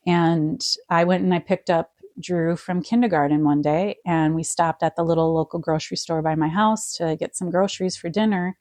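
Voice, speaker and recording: Soft-spoken woman telling a painful story. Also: lowish voice, fairly even intonation, moderate pace, few pauses, no room sound. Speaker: guest. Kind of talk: personal storytelling interview.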